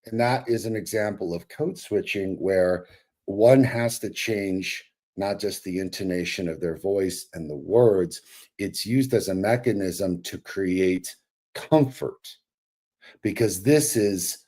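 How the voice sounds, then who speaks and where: A man's voice: low voice, takes it slowly, mellow. A man with an El Paso Mexican American accent, co-hosting a casual panel talk and thinking aloud with many fillers and restarts. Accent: El Paso Mexican American English. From El Paso, Texas. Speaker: podcast co-host.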